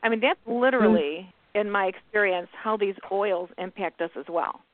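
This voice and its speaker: A woman's voice: mid-range voice, normal speed, dry recording. A woman hosting a talk radio show, chatting in a casual, conversational way with many fillers. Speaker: host. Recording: thin phone line, dry.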